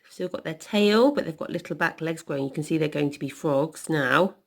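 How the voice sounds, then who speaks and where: A woman teaches small children to write a sentence. She speaks slowly in a sing-song, encouraging way, stretching out each letter sound as she goes. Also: low-pitched, gravelly. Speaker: primary school teacher.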